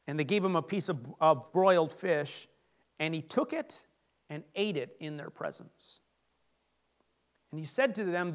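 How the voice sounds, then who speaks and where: A man with a notably high voice delivers a sermon. He preaches in an animated, conversational way, often restarting phrases and turning to the congregation with asides. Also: a little slow, pauses often. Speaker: pastor.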